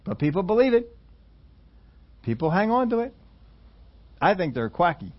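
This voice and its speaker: A man preaching a sermon in a conversational storytelling way, laughing between points and rising into loud emphatic quotes. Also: high-pitched, very animated, moderate pace, muffled recording. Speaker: pastor.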